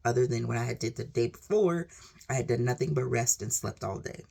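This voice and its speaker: A woman's voice: a bass voice, brisk, gravelly, warm tone, husky. A woman vlogger sharing a personal testimony in an earnest, rambling way, leaning on "like" and "literally". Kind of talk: emotional personal storytelling.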